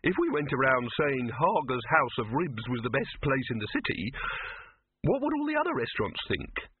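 A man voicing a nervous, flustered male film inventor who talks high and hesitant. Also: very animated, moderate pace, slight background noise, close to an everyday voice. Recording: tinny phone-like dry recording.

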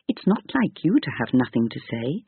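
A man voicing a brisk, proper elderly grandmother in a storybook reading, on a tinny narrow-band recording. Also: mid-range voice, very animated, breathy edge, heavily acted.

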